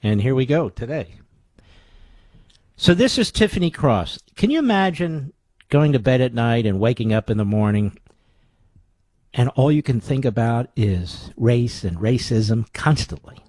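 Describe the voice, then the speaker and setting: A man's voice: mid-range voice, animated, measured pace, darkish tone, no echo, clean studio sound. Sarcastic ranting talk radio man. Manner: asks rhetorical questions. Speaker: radio talk show host.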